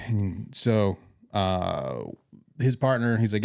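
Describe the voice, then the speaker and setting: A man's voice: on the low side, moderate pace, gravelly, a little mellow, dry recording, clean studio sound. A man hosting a casual podcast, telling paramedic stories and acting out the dialogue with swearing. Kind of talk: casual storytelling chat.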